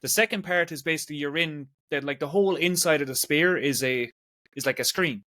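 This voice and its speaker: This podcast host from Ireland, a man in his forties, has a fairly high, sharp voice and talks a little fast. He chats and rambles casually, leaning heavily on "like," in a studio-quality recording without echo.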